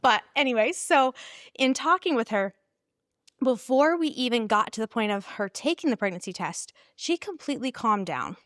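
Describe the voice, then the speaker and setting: A woman guest telling an earnest personal story in a casual interview, laughing often and animated in her retelling. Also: on the high side, moderate pace, no room sound, studio quality. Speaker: pregnancy center staff guest.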